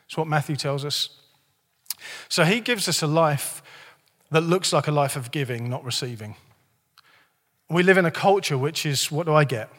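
In a church, a pastor with a slightly hoarse, somewhat high voice gives a lively, joking, conversational sermon at a moderate pace. A long hall reverb rings around his words.

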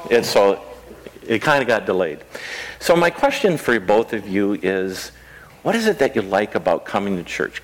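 A man's voice: on the low side, low-quality recording. Man pastor giving a children's sermon. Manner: conversational, asks children simple questions. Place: rural church sanctuary.

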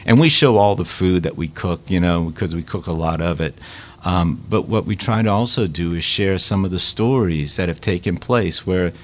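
A deep-voiced man from Louisiana who leads a Catholic food ministry tells stories in a casual interview. He speaks haltingly, repeating words and leaning on plenty of fillers.

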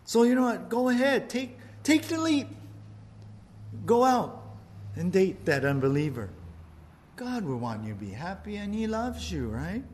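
A preacher putting on a sly, coaxing devil. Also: male voice, high-pitched, very animated, unhurried, pauses often, a little mellow, voice pushed up. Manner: coaxing, wheedling, leaning on scripture. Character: sly tempting male devil, smooth persuader.

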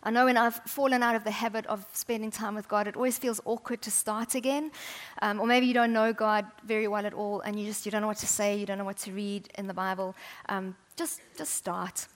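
A woman preaching a sermon, chatty and humorous, often dropping to soft, intimate tones. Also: medium pitch, flat delivery, brisk.

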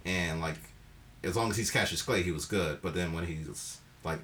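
A man co-hosting a film podcast, giving emphatic, animated opinions in casual talk. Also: low-pitched, moderate pace, slight background noise. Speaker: podcast co-host.

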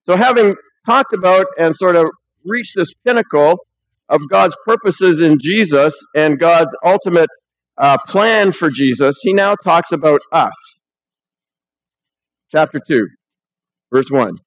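Guy preaching in church, kinda high voice, chatty sermon w/ scripture reading. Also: animated, unhurried, rough recording. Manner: conversational, reads scripture aloud. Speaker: pastor.

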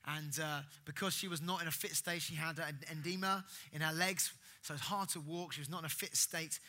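A man preaching a sermon earnestly, rising in emphasis and then dropping soft. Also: on the high side.

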